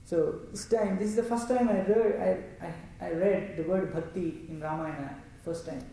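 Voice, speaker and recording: A Telugu-man leads a scripture discourse, explaining the text and reciting Sanskrit verses. His voice is fairly high and mellow. The mic is far away in a heavily echoing room with faint ambience. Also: fairly even intonation, normal speed, gravelly. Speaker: religious storyteller.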